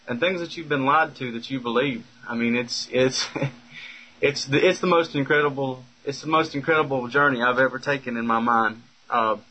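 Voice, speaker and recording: A man's voice: mid-range voice, pushed and bright, highs cut off. A man speaking in an unscripted monologue, rambling with lots of fillers and restarts. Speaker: speaker recounting a personal story.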